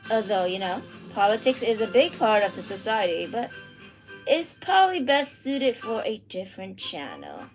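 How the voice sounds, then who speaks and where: A woman's voice: medium pitch, wildly swooping pitch, moderate pace, faint music behind. A woman hosting an art livestream, chatting casually with viewers and reading out their comments. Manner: chatty, reads out viewer comments, drifts into soft near-whispers.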